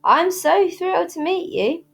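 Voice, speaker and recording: A woman reading aloud, voicing a chatty, dramatic, imaginative young girl with red pigtails who talks in flowery, theatrical rushes. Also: extremely high pitch, lively intonation, creaky, voice pushed up, exaggerated voice. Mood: gushing. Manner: flowery, theatrical, rushing talk.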